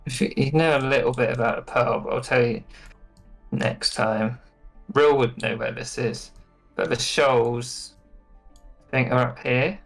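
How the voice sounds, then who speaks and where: A game master in casual table talk, thinking aloud in an unhurried way and trailing off mid-thought. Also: mid-range voice, steady tone, vocal fry, faint music behind.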